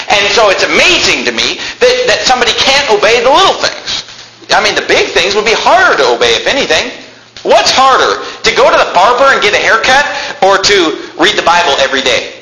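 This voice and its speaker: A man preaching a sermon with emphatic rhetorical questions, sometimes shouting. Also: high-pitched, roomy sound, rough recording.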